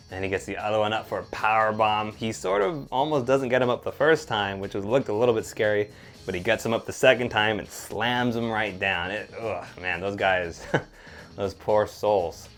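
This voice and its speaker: A man's voice: lowish voice, a bit bright. A man co-hosting a casual recap chat, laid-back with chuckling asides. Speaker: podcast co-host.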